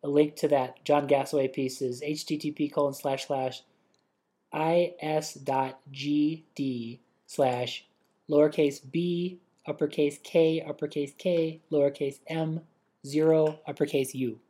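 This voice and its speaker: An easygoing man chats as co-host of a family podcast. He hesitates often, stringing his thoughts together with ums and uhs. His tone stays relaxed and conversational. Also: on the high side, a little slow, husky. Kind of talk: casual chat.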